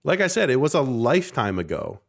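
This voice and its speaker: A man's voice: medium pitch, very animated, brisk, gravelly. A man in his thirties from South Jersey, co-hosting a podcast in a passionate, rambling casual chat with the odd swear for emphasis. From South Jersey, near Philadelphia. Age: 30s. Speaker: podcast co-host.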